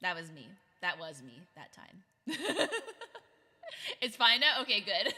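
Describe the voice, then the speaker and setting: A woman's voice: mid-range voice, big pitch swings, slow, pushed and bright, slightly rough, big-room sound. A woman streamer chatting casually with her viewers, giggling often and reacting to chat.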